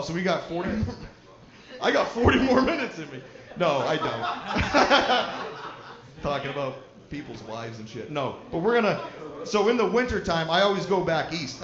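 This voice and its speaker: A man's voice: on the high side, dull audio. Profane storytelling stand-up man, roomy hall. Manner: profane, storytelling, chatty with the crowd. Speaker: stand-up comedian. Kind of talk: stand-up comedy set. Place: live comedy venue.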